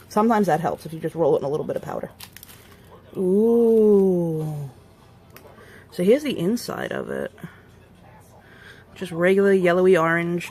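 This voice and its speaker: A woman's voice: lowish voice, breathy edge. Chatty woman rambling through a demo. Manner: chatty and rambling, talks to viewers while working; playful warnings and quick asides. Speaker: vlogger. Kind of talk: casual hands-on demonstration vlog.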